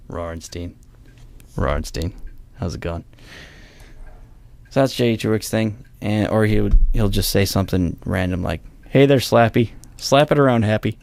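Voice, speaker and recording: A man's voice: lowish voice, vocal fry, a little mellow, clean tone. A young man hosting a casual podcast chat, rambling and correcting himself as he goes. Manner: rambling, self-correcting, chuckles often. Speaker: podcast host.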